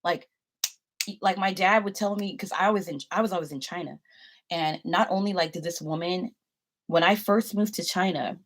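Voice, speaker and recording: Young woman vlogging, chatty and rambly, says like a lot, lowish voice. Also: normal speed. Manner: animated, rambling, full of "like". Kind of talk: casual storytelling to camera.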